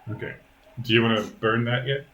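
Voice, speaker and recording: A man narrating a tabletop game as game master, hesitant with many pauses and restarts. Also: medium pitch, steady tone, sharp tone, reverberant, muffled recording, a little hiss or hum. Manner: hesitant, lots of ums and restarts.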